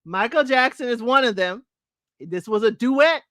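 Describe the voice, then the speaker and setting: A woman's voice: on the high side, lively intonation, moderate pace, fairly bright tone, no room sound, studio quality. A woman hosting a casual solo talk show, chatting to listeners as y'all and breaking into sung lyrics. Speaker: podcast host.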